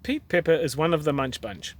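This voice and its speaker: New Zealand dad, children's book reader, slightly higher voice, expressive. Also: male voice, a little fast, a little hiss or hum. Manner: gentle, expressive reading with small restarts. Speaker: storyteller dad. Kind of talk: reading a children's picture book aloud.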